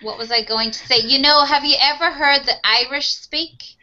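A woman's voice: high-pitched, normal speed, bright, forceful tone, highs cut off, a little hiss or hum. A woman teaching an online English conversation lesson, patient and reassuring with her student.

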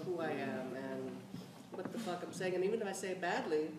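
A middle-aged woman from the South Bronx, telling stories on a panel in a blunt, animated way, swearing freely and laughing often. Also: on the low side, a little fast, hardly any pauses, a loud crowd. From South Bronx, New York. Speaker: playwright on a discussion panel. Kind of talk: candid storytelling on a panel. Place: theatre or auditorium. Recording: echoey hall, distant mic, noisy.

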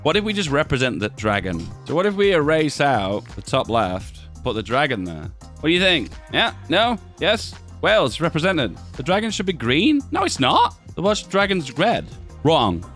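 Chatty man with a lively, bouncing voice. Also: fairly high pitch, normal speed, soft background music. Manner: chatty, asks viewers rhetorical questions, laughs at own jokes. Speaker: video host. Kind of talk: casual commentary while editing images.

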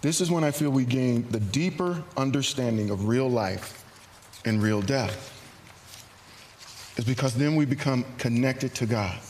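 A man preaching a sermon in a church, earnest and animated, acting out hesitant asides. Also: mid-range voice, a little slow, long pauses, a little hiss or hum. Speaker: pastor. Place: church sanctuary.

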